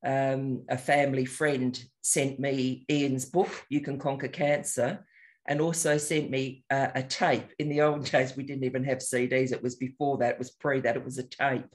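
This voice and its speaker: Older guy leading a meditation group, soft unhurried voice, reflective. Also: medium pitch, little pitch movement. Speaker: meditation teacher. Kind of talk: introducing a guided meditation.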